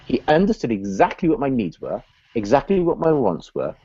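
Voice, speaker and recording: Dark-voiced man telling a business story. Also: mid-range voice, a little fast, breathy edge, no room sound, dull audio. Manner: animated, acts out voices in his anecdotes. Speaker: business consultant guest. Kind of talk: storytelling in a live video chat.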